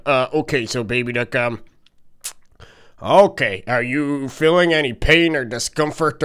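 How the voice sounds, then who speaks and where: A man's voice: on the high side, a bit bright. A man playing an adult dentist in a Minecraft role-play, hesitant and stammering with many fillers.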